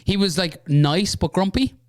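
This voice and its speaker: Irish man telling a lively story. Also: high voice, measured pace, no echo, clean studio sound. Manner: animated anecdote-telling with lots of "right?" and "you know". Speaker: podcast guest. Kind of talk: casual storytelling.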